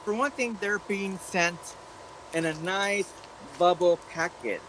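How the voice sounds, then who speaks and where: A man's voice: high-pitched, takes it slowly, a bit bright, a little hiss or hum, low-quality recording. A man in casual group chat, explaining things patiently with frequent fillers.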